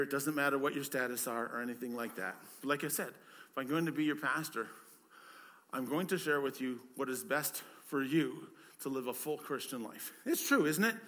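A man's voice: medium pitch, a bit bright. A man, a pastor, preaching a conversational sermon, full of rhetorical questions and repeated words.

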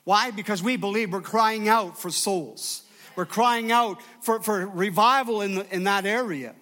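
A male pastor delivering a sermon in a high, bright voice. He preaches emphatically and keeps calling on the congregation to answer him. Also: measured pace.

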